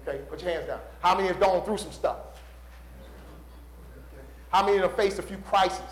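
A male preacher delivers a sermon with call-and-response, building loud and dropping low. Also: moderate pace. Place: church sanctuary. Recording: roomy church echo.

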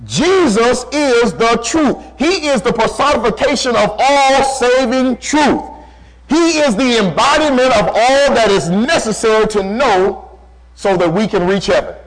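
A male preacher with a strikingly high-pitched voice delivers a sermon in an emphatic style, repeating key phrases to drive them home. When quoting scripture he slows down and drops lower. His intonation is lively, though the recording is rough.

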